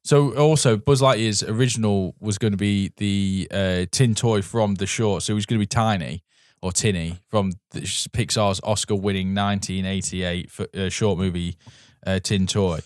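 Male podcast co-host, low voice, dry sound, chatty and meandering. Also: steady tone, normal speed, darkish tone, dry recording. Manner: rambling, trails off with fillers. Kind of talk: casual film chat.

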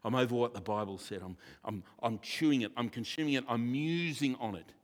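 A man who is a church pastor, preaching a sermon with jokes and lively asides. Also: mid-range voice, brisk. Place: church hall. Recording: reverberant church hall.

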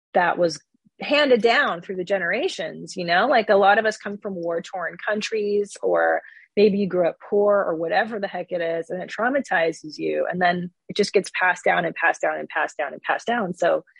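A woman's voice: on the low side, vocal fry, slightly rough, no room sound. A middle-aged woman, a stand-up comedian and guest, talking candidly and with swearing in a casual interview, acting out the people she quotes. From born outside the country, immigrant parents.

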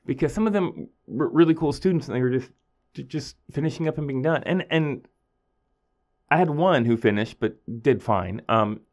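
A man, a high school teacher telling a story in a casual podcast monologue, acting out his students in a higher voice. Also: animated, normal speed, a little mellow.

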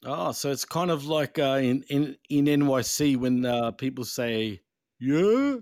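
A man's voice: mid-range voice, fairly even intonation, measured pace, a little mellow, no echo, clean studio sound. A man co-hosting a casual wrestling podcast, swearing bluntly and joking. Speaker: podcast co-host.

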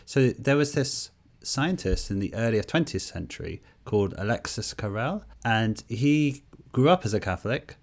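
A man co-hosting a podcast, telling a story in a casual conversational way, with animated stops and restarts. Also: on the low side, moderate pace, few pauses. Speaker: podcast co-host.

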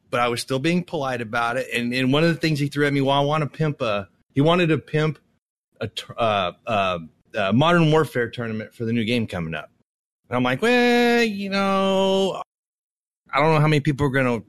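Male podcast co-host, casual exasperated ranter, heavy swearing, mid pitch. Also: a bit bright. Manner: profane, exasperated storytelling with put-on quoted voices. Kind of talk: casual ranting chat.

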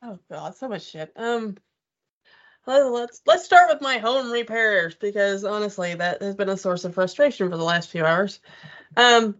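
A woman's voice: medium pitch, expressive, moderate pace, a bit bright, dull audio. A woman co-hosting a podcast, telling a home story in a chatty, wry way with plenty of swearing. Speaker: podcast co-host. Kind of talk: casual storytelling chat.

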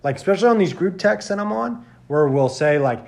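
A man's voice: on the high side, a little fast, few pauses, a little mellow. A man hosting a casual podcast chat, blunt and emphatic, swearing often. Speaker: podcast host.

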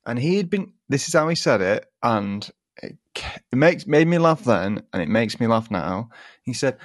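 This podcast co-host has a medium-pitched voice, lively intonation, and a moderate pace, captured in clean studio sound without echo. He chats casually while telling a story, laughs frequently, and performs the voices of its characters.

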